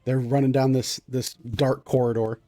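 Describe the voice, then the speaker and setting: A man's voice: medium pitch, moderate pace, soft background music. Man narrating as game master. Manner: relaxed, loose narration with fillers.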